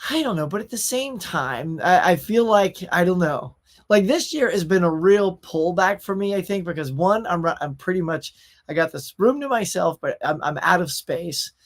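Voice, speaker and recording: A man's voice: high-pitched, animated, normal speed. A man hosting a casual pop culture livestream from a room at home, chatty and laid-back, greeting viewers by name. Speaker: host of a pop culture live show. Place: his own home collection room.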